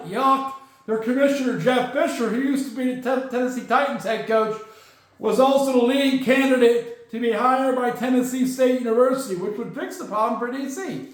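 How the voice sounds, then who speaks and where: A man hosting a solo sports podcast, ranting his opinions and tagging points with "okay?". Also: extremely high pitch. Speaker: podcast host. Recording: very echoey room.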